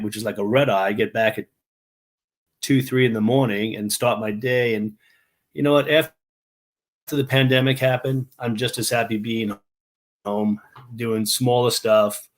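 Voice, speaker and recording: A man giving a remote interview on a video call, halting and restarting often as he explains things at length. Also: medium pitch. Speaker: interview guest.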